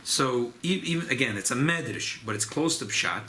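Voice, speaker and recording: Animated rabbi teaching a lively class. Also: male voice, moderate pace. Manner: animated, rising pitch on emphasis, Yiddish and Hebrew terms mixed in. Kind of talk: informal Torah class.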